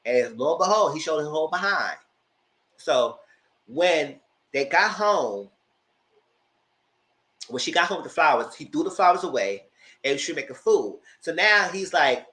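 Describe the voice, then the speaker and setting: Animated man recapping TV, roomy echo. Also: a little high, normal speed, long pauses. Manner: chatty, animated, talks straight to viewers. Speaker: vlogger recapping a reality show. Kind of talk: casual commentary.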